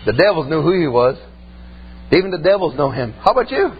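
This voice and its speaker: A man preaching a folksy storytelling sermon, emphatic and colloquial, building to shouted points, on a slightly muffled recording with a faint hum. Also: fairly high pitch, big pitch swings, fast, slightly rough.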